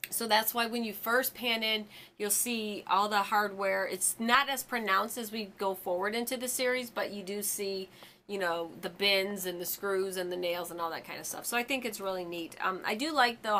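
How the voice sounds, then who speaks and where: A woman's voice: mid-range voice, pushed and bright, a little hiss or hum. A woman in her forties hosting a fan channel, chatting casually and rambling about a TV episode with lots of ums and side stories. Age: 40s.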